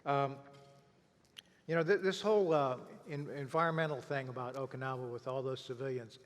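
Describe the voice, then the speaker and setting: An older male historian asking questions and sharing memories in a halting way, often trailing off with fillers. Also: mid-range voice, steady tone. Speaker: historian, interviewer. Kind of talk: interview conversation. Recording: long reverb of a hall.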